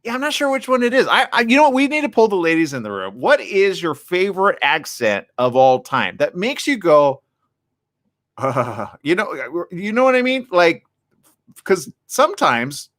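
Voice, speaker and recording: A man hosting a radio morning show, chatting casually with listeners and reading the news in a studio. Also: high voice. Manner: lively, chatty, quick asides.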